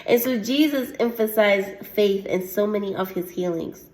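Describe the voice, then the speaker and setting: A woman at a middle pitch preaches a heartfelt teaching sermon and reads scripture aloud. She punctuates her points with frequent "Amen"s and soft laughs. The room around her is echoey. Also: normal speed. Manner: earnest, repeats "Amen" often, laughs lightly. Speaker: host of a faith testimony show.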